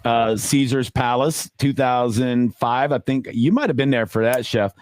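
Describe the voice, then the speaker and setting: A man's voice: mid-range voice, moderate pace, darkish tone, dry recording. A man on a poker podcast, telling a story in a casual, rambling way with many fillers and acted-out quotes.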